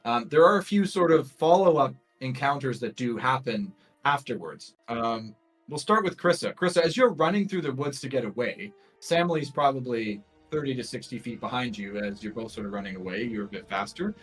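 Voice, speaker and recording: A man's voice: mid-range voice, lively intonation, normal speed, faint music behind, rough recording. A man narrating a tabletop game as game master, in a loose, rambling way full of fillers. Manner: loose, lots of fillers and hedging.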